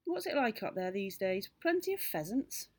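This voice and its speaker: Excitable old village doctor, lively sing-song, storybook telling, as a woman puts him on. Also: mid-range voice, normal speed. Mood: genial, conspiratorial. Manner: animated, rising to loud indignant bursts.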